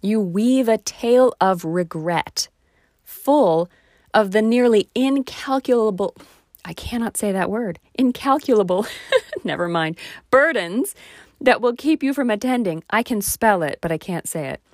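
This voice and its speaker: A woman's voice: medium pitch, animated, measured pace, a little mellow, no echo, clean studio sound. A woman talking straight to her viewers in a reflective monologue, asking rhetorical questions and poking fun at herself. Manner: self-deprecating, asks the listener rhetorical questions.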